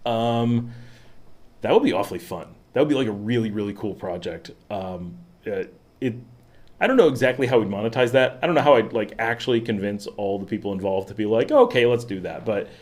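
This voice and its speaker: A man's voice: fairly low pitch, lively intonation, fairly quick. A man hosting his own livestream, chatting casually and rambling, with many fillers and little laughs. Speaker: vlog host. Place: at home in the city.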